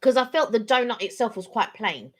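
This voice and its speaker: A middle-aged woman, co-hosting a casual live stream and sharing her opinions in an expressive, chatty way. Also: fairly high pitch, a little fast.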